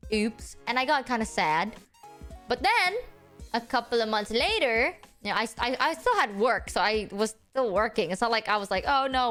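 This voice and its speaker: A young woman streamer telling a story in casual chat, swearing freely and acting out each quote. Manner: animated, acts out quotes with big pitch jumps.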